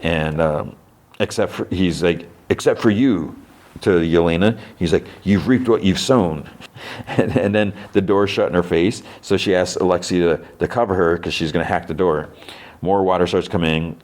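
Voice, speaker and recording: A man with a very deep, low-pitched voice talks through an episode recap as a podcast host. He rambles along and leans heavily on fillers, breaking off now and then to act out the characters' lines. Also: fairly even intonation, moderate pace, darkish tone. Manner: rambling, filler-heavy, acts out quotes. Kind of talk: casual episode recap and review.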